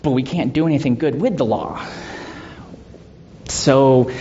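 Man teaching scripture, lo-fi recording. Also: unhurried. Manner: conversational, with soft laughs and rhetorical questions. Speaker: Bible teacher. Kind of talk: Bible study teaching. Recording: dull lo-fi sound with faint rumble.

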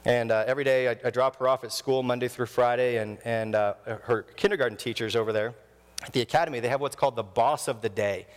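A man in his thirties preaching a sermon in a church, telling stories with animated delivery and acting out the voices he quotes. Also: mid-range voice, fast talker, in a large hall. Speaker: pastor. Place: church sanctuary.

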